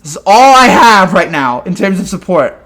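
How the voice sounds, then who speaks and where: A man delivers a fan reaction rant in a voice pitched well above most men's. He sounds exasperated throughout and keeps tripping over his words, restarting sentences as he vents. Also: very animated, moderate pace, a bit bright. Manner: exasperated and ranting, with frequent stammered restarts. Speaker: sports fan commentator.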